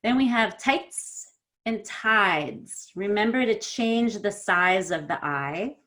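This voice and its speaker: A woman teaching an online pronunciation class, explaining sounds and slowly demonstrating word pairs. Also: mid-range voice, expressive, a bit bright. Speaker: accent coach.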